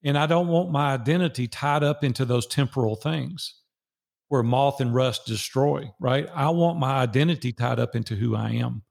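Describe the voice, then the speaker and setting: A man's voice: mid-range voice, moderate pace, vocal fry, a little mellow. An older man with a Southern US accent, a podcast guest telling personal stories in an earnest way and repeating phrases for emphasis. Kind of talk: casual storytelling interview.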